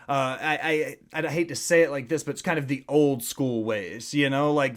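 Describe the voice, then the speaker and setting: A man hosting a wrestling podcast, asking halting, hedging questions in a casual interview. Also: mid-range voice. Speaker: podcast host.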